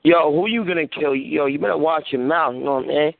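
A man's voice: a little high, fairly quick, creaky, no echo. A man caller on a group phone line, talking in easygoing slangy banter and tagging nearly every line with the same phrase. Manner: laid-back slang, ends almost every line with a tag phrase. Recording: dry tinny phone line.

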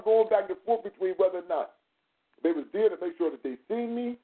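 A man with a high speaking voice tells his story with swearing and acted-out back-and-forth, animated the whole way. The sound comes through a thin, phone-like radio line. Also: fairly quick. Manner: animated, profane, acts out dialogue. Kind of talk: casual radio talk, storytelling.

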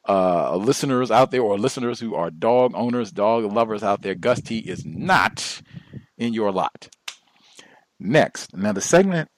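A man hosting a talk radio show, speaking in a deliberate, emphatic and instructive way. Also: on the low side, expressive, no room sound.

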